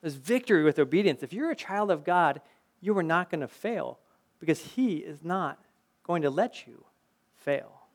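A man's voice: a little high, animated, moderate pace. A middle-aged man preaching a sermon in a conversational way, mixing scripture with personal anecdotes and rhetorical questions. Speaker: pastor.

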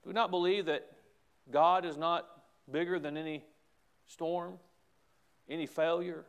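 Southern pastor guy preaching, kinda high voice, goes from quiet to loud and back. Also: steady tone, measured pace, clear, resonant tone. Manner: dynamic preaching, swings from hushed to loud exclamations. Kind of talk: sermon.

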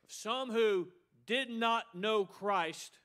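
High, bright-voiced preaching man. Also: takes it slowly. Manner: emphatic preaching, repeating a refrain; quotes excuses in a mocking voice. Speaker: pastor. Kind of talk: sermon.

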